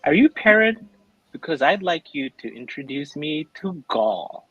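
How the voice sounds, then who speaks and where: A man reads pickup lines deadpan and slowly, keeping a straight face. His voice is bright but a little husky, and his pitch moves widely. He speaks over a video call. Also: no room sound, highs cut off. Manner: deadpan delivery. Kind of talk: casual chat, reading pickup lines.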